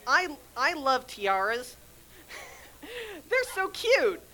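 A woman's voice: high voice, wildly swooping pitch, extremely slow, bright, forceful tone, pitched above the performer's own voice, full character voice, rough recording. Woman putting on a sultry socialite heiress. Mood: mock-sultry. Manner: mock-sultry, airy. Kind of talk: comic live reading.

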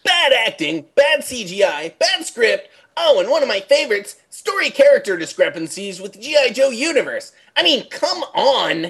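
A woman's voice: a little high, big pitch swings, moderate pace, few pauses, a bit bright. A woman putting on a Dutch accent to read a movie review aloud as an indignant reviewer, with emphatic, exasperated delivery. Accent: put-on Dutch. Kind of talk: comic reading of a user review.

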